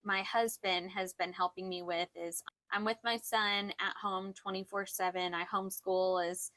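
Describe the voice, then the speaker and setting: A woman in her thirties talks in a relaxed, faith-centered conversation. She is earnest and reflective and laughs easily. Her pitch sits in an ordinary middle range. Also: moderate pace, slight background noise. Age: 30s. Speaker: podcast co-host. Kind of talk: casual faith-based chat.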